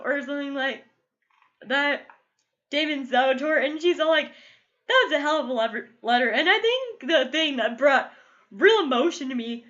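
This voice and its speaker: A woman's voice: sits high, a bit bright, dull audio. A woman gushing casually through a TV episode review, emotional and full of "like" fillers. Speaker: TV show reviewer. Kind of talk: casual solo review vlog.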